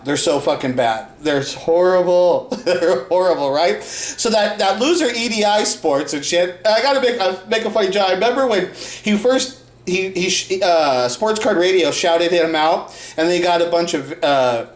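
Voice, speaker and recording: A man's voice: high voice, lively intonation, normal speed. A man hosting his own show, ranting in crude, mocking commentary and laughing often. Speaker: host. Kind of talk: profane commentary rant. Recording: roomy echo.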